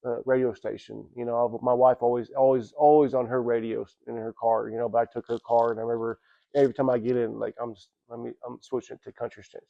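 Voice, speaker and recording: Gravelly man rambling through a testimony. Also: mid-range voice, flat delivery, lo-fi sound. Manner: rambling, halting storytelling with many restarts; casual, repeats "you know what I'm saying". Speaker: church member giving testimony. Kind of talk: personal testimony. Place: church.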